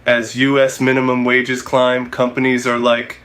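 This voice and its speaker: A man's voice: mid-range voice, monotone, normal speed, fairly bright tone, clear, resonant tone. A man hosting a show, delivering scripted comedic narration with punchy, wisecracking jokes. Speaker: host.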